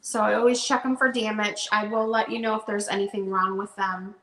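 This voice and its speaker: A woman's voice: medium pitch, little pitch movement, fairly quick, a bit bright. A woman chatting casually as she shows books for a live online sale. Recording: roomy echo.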